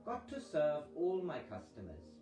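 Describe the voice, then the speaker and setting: A bustling, brusque restaurant owner, a middle-aged woman who calls everyone darling, as a man reading the story puts her on. The voice is dark and mellow, lifted a little for her. It sits in an echoey room with faint music underneath. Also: on the high side, wildly swooping pitch, a little slow.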